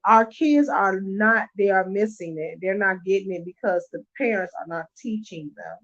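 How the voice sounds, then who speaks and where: Lying in bed at home, a middle-aged woman who teaches early childhood chats to camera in an emphatic, conversational way. Her voice is mid-range, a bit bright, at normal speed, with the high frequencies cut off, and she keeps saying "you know what I'm saying."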